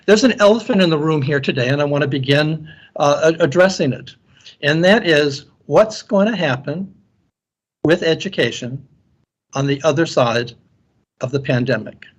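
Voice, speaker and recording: A man's voice: a little high, normal speed, husky. A man lecturer giving an earnest conference keynote talk, often repeating words as he restarts his sentences. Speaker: guest speaker and university lecturer.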